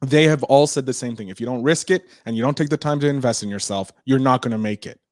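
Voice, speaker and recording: A man being interviewed about podcasting, talking fast and animated with lots of restarts. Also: mid-range voice, dry recording, clean studio sound. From Canada. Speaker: podcaster guest. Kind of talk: casual interview chat.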